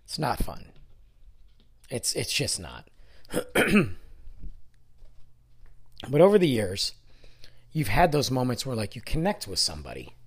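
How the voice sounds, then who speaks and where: A man hosts his own podcast solo, sounding nasal and congested from being sick as he rambles, grumbles, and pokes fun at himself. His medium-pitched voice swoops wildly, moves a little slowly with long pauses, and carries a breathy edge. It's a casual one-man monologue.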